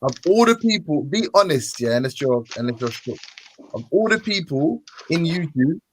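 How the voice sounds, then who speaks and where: A man hosting a casual group voice chat, animated and talking over others to get the floor. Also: a little high, normal speed, slight background noise. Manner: animated, keeps cutting in with "hold on, listen". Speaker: host.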